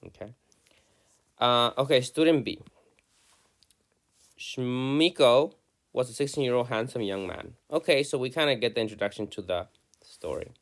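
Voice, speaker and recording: A male teacher works through a student's story, reading passages aloud and breaking off to explain what goes wrong. His pitch sits in an ordinary middle range, and he moves between reading and critique with frequent restarts. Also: normal speed, long pauses. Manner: reads student text aloud then comments, with many restarts.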